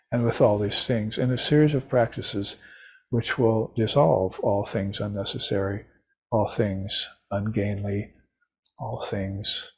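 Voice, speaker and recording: Husky-voiced man teaching a spiritual class. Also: fairly low pitch. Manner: meandering, reflective, with soft laughs and restarts. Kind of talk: devotional class lecture. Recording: class recorded for live stream.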